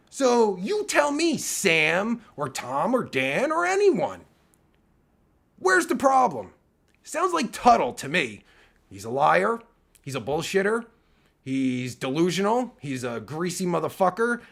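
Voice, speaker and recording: A man ranting angrily and profanely on his livestream, heated and full of fillers, with a raspy voice. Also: high-pitched, fairly bright tone. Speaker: streamer and podcaster. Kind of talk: angry livestream rant.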